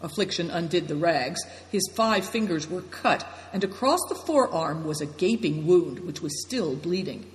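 An audiobook narrator tells an adventure tale with an animated, lively voice that rises and falls a lot. The reading sounds roomy, with a long reverb trailing after each phrase. The delivery stays steady and expressive throughout. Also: medium pitch, normal speed, hardly any pauses. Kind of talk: scripted narration.

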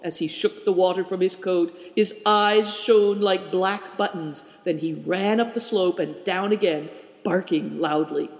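Guy reading a kids adventure book aloud, high lively voice, echoey room. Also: unhurried. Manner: expressive, animated delivery. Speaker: narrator. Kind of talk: storybook reading. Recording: echoey room with long reverb.

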